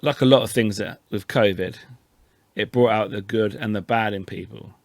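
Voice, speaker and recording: Man, podcast co-host, deep-ish voice, teasing banter, dry recording. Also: gravelly, dry recording. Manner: teasing, quick reactions. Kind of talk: casual chat.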